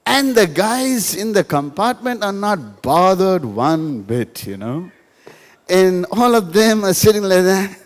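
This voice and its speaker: A man's voice: high-pitched, sing-song, slow. A male pastor, giving a humorous sermon to a live audience in a school hall, telling stories and repeating lines for emphasis. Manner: storytelling with jokes, emphatic repetition. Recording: reverberant hall.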